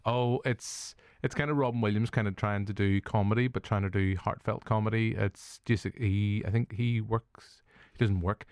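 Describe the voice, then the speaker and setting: A man's voice: on the low side, fairly even intonation, moderate pace, a little mellow, smooth, no room sound, studio quality. A man with a Northern Irish accent hosting a film review podcast, chatting casually, joking, laughing often and swearing. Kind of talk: casual chat.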